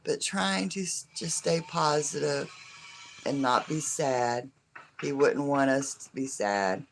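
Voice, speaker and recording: Hoarse, gravelly live streamer, rambling chat. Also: medium pitch, slow pace. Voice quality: scratchy voice. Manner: rambling, chatty, many fillers like "you know". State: hoarse from laughing.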